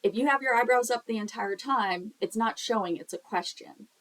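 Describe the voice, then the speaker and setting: A woman's voice: on the high side, moderate pace, fairly bright tone, rough recording. A young woman teaching a sign language lesson in a casual, chatty way, explaining with examples and the occasional filler.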